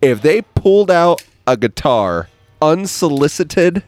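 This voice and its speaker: A man's voice: fairly high pitch, big pitch swings, slow, soft background music. A man hosts a podcast outdoors by a bonfire, ranting playfully and with emphasis. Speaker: podcast host. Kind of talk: casual podcast chat. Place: outdoor patio around a bonfire.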